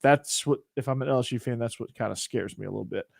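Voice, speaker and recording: Young male host, casual opinionated rambling, mid pitch, dry sound. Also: fast, vocal fry, no echo. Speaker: podcast host. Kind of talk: casual chat.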